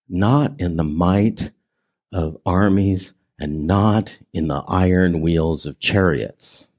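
A man preaching a sermon as pastor, conversational and emphatic, swinging between raised and hushed delivery and drawing the congregation in with questions. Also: on the low side, slightly rough. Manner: conversational preaching with audience prompts.

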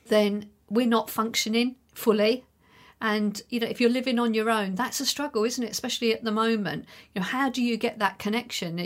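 A woman's voice: mid-range voice, fairly bright tone. A middle-aged woman speaks alone on her own podcast, addressing listeners directly. Her delivery is chatty and reassuring, steadily encouraging, in an ordinary mid-range voice. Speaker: podcast host. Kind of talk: solo podcast monologue.

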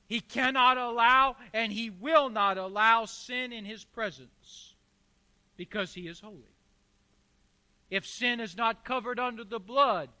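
A man's voice: high voice, pushed and bright. A man preaching a sermon as pastor, emphatic, with rhetorical questions and repeated phrases.

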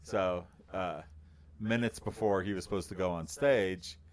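A man with a baritone voice co-hosts a casual podcast. He tells his story slowly and in a low register. He rambles and fills his pauses as he goes. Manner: slow, rambling storytelling with many fillers. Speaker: podcast co-host. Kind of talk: casual chat.

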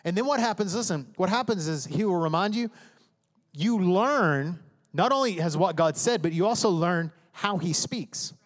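Male pastor, high voice, emphatic conversational sermon delivery, acts out inner voices, big hall reverb. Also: lively intonation, moderate pace. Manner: emphatic preaching, acting out inner voices and prayers.

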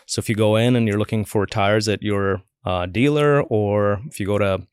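A man in his forties speaks in a low, easygoing register as a podcast guest. He tells stories casually, slips into the voices of the people he quotes and leans on "like" as filler. The recording is close and dry, with no room sound. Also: moderate pace, darkish tone, smooth, dry recording. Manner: chatty, acts out quoted voices, many "like" fillers. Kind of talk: casual interview storytelling.

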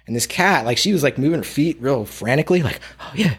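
Animated man telling a story. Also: medium pitch, fast, breathy edge. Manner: animated, slangy, laughs a lot. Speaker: real estate agent. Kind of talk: casual storytelling.

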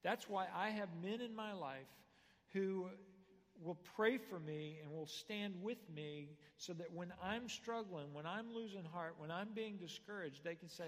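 A man, a pastor, preaching a sermon in a church sanctuary, telling stories and moving between quiet asides and loud punchlines. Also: high voice, a little slow, big-room sound.

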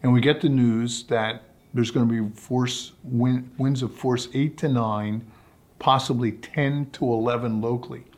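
A man tells long stories about ocean racing as an interview guest. His delivery is relaxed and anecdotal, and his voice sits at a mid pitch. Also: unhurried. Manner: relaxed anecdotal storytelling, acts out quotes. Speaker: guest, sailor and sailing commentator. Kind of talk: storytelling in a podcast interview.

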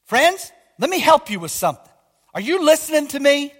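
High-voiced fiery preacher in a hall. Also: male voice, big pitch swings, fairly quick, a bit bright. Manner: emphatic, fiery, questions the congregation often. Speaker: pastor. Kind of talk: sermon. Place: church. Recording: long hall reverb.

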